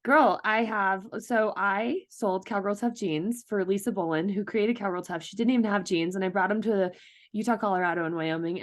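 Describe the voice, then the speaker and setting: A woman hosting a podcast, chatting casually and telling her own story excitedly while crying. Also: mid-range voice. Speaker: podcast host. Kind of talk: casual chat.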